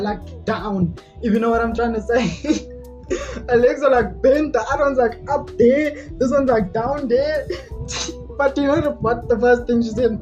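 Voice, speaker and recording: A woman's voice: on the high side, darkish tone. A woman telling a casual storytime, rambling and laughing with lots of "like" fillers. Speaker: vlogger. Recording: dull lo-fi with faint music. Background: faint music.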